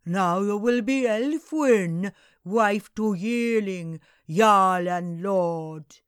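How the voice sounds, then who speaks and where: A stern Danish warlord in his thirties, as a woman reader puts him on, with a Danish accent, speaking flat, lowered and commanding. He takes his words slowly and deliberately in a dry, close storybook reading. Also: no echo. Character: stern Danish male jarl, past thirty, imperious.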